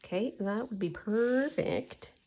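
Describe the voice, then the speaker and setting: A woman talking herself through a collage as she works, chatty and unhurried, with quiet murmured asides that pick up when she tells a story. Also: medium pitch. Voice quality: soft, murmuring, often trailing into quiet asides. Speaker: collage artist and channel host. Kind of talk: relaxed craft vlog, thinking aloud while working.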